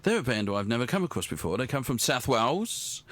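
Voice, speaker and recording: A man's voice: mid-range voice, big pitch swings, quick pace, dry recording. A man hosting a radio show, telling rambling anecdotes in casual chat and chuckling along.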